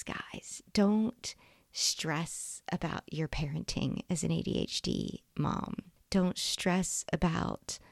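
A woman's voice: deep voice, creaky, darkish tone, dry recording, clean studio sound. A middle-aged woman hosting a podcast, telling a personal story in a heartfelt, confiding way. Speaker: podcast host.

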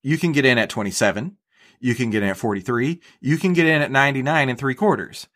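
A man's voice: mid-range voice, fast, a bit bright. A man with a mid-range voice talks through his method as a podcast guest. He explains things casually, stumbles over repeated words, and often tags on "right?". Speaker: guest, stock trader.

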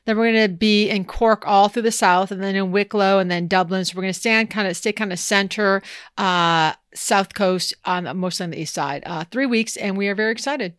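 A woman's voice: medium pitch, fairly quick, fairly bright tone, smooth, no echo, clean studio sound. A woman co-hosting an advice podcast in casual chat, playful and teasing, often laughing. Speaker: podcast co-host.

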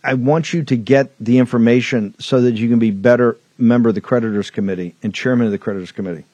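A man's voice: medium pitch, fast talker, mellow, no echo, dull audio. Male talk host, fiery and emphatic, hammering points home, dry studio mic. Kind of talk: political talk show commentary.

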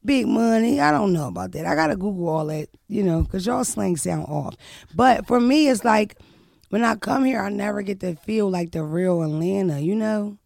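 A young woman from Philadelphia hosts a loose podcast chat, loud and brash with plenty of swearing. Her voice has a gravelly fry. The sound is dry and close. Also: medium pitch, normal speed, no echo. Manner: loud, brash, animated, profane. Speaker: podcast host. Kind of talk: casual chat.

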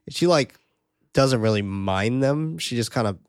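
A man's voice: medium pitch, expressive, normal speed, dry recording, studio quality. A man hosting a podcast, casually narrating a film's scenes and commenting with occasional swearing. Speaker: podcast host recapping a film. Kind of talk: casual film recap.

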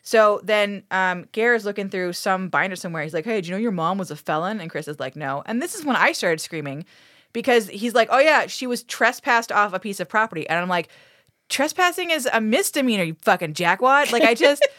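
A woman recapping a TV episode on a podcast, swearing a lot and acting out the characters' lines with big, animated energy. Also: medium pitch, fairly quick, no echo, studio quality. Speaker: podcast co-host. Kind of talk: casual podcast recap chat.

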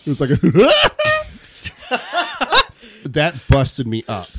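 A man's voice: medium pitch, expressive, fairly quick, very noisy. A man hosting a casual podcast chat, telling a rambling stage anecdote and laughing through it. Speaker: podcast host.

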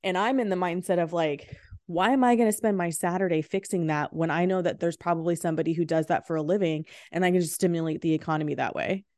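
A woman hosting a podcast in casual chat, frank and lively, with casual swearing. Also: fairly low pitch, fast, no room sound, studio quality. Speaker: podcast host.

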